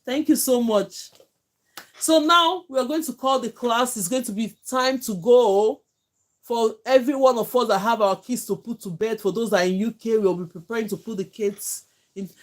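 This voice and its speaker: A woman's voice: fairly high pitch, moderate pace. Nigerian lady doing a live hair class at home, chatty, keeps thanking everyone. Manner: chatty, warmly thanks viewers by name. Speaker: hair braiding teacher. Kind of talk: live-stream tutorial chat.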